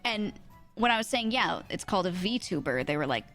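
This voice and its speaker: Chatty young woman streamer, quick laughs. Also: medium pitch, fairly bright tone, faint music behind. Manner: chatty, laughs often, imitates accents. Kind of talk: casual chat.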